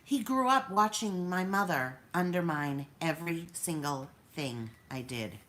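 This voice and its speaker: A woman in her fifties vents to her camera in a rambling, hurt way. Her voice sits fairly low, and she talks in loose, restarting bursts. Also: expressive, a little slow, fairly bright tone, a little hiss or hum. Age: 50s. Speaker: vlogger. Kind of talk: emotional personal vlog.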